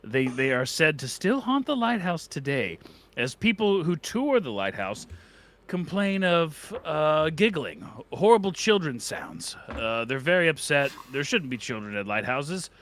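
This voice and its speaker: A man's voice: on the high side, big pitch swings, unhurried, a bit bright, a little hiss or hum. A man co-hosting a podcast, telling a silly story that rambles and keeps slipping into character voices. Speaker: podcast co-host. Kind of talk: comedic storytelling. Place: away from the studio.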